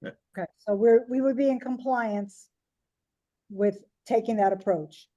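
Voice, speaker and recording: Mellow-voiced woman chairing a meeting. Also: a little high, a little slow, muffled recording. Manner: procedural, steady. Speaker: commission chair.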